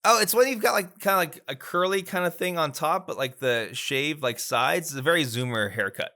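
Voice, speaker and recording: A man who is a priest, telling a story in casual chat. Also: a little fast. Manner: animated storyteller, lively pitch.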